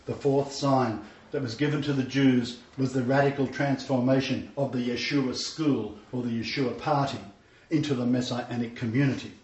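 A man's voice: medium pitch, steady tone, moderate pace, a little mellow. A man preaching a sermon, telling stories earnestly and repeating key phrases for emphasis. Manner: earnest, storytelling, emphatic repetition. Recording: echoey room, distant mic, dull lo-fi sound.

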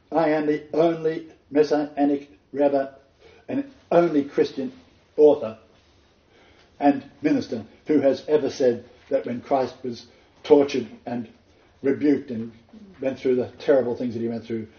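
A man's voice: medium pitch, steady tone, a little slow, mellow. A man teaching as a messianic rabbi and minister, quoting scripture with dramatic emphasis. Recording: echoey, dull lo-fi room sound.

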